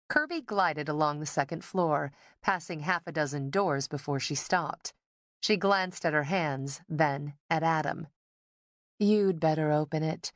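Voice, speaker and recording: Slow, low-voiced woman narrating a novel. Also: no room sound, studio quality. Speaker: audiobook narrator.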